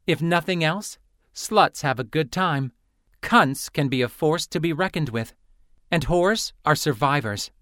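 A man's voice: on the high side, lively intonation, a little slow, a bit bright, dry recording, clean studio sound, voice pushed up. A man voicing a fiery, snide young female student in an audiobook. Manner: snide, combative.

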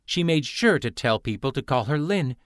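A man reading a novel aloud as an audiobook narrator, in steady scripted narration. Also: mid-range voice, normal speed, dry recording, clean studio sound.

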